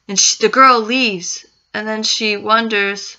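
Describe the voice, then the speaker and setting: A woman's voice: medium pitch, steady tone, slow pace, pushed and bright. A woman narrating a spooky story with suspense, repeating phrases for effect. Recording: dull lo-fi recording.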